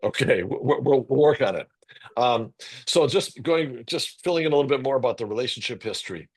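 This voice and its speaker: Guy moderating a webinar over video call, mid pitch, measured and reflective. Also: animated, husky. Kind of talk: conversational moderation.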